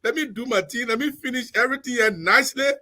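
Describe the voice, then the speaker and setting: A man's voice: very high-pitched, quick pace, bright, forceful tone. A man giving impassioned political commentary on a talk show, emphatic and repeating his points. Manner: preachy, emphatic, repeats phrases.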